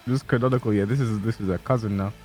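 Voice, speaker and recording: A man commentating a fighting-game tournament stream in joking, animated banter with his co-host. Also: on the low side, fast talker, faint music behind. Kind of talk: casual esports commentary.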